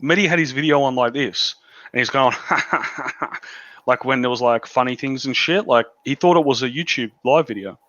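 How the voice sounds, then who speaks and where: A man's voice: medium pitch, a little fast, fairly bright tone, dry recording, highs cut off. Sweary Australian man on a video call. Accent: Australian, northern suburbs of Melbourne. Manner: blunt and sweary, laughs at his own story. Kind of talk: casual chat.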